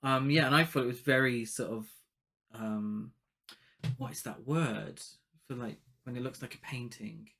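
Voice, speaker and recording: A man with a mid-pitched, everyday voice co-hosts a casual film podcast. His talk is relaxed and full of playful banter aimed at his co-host. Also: unhurried, gravelly, slight background noise.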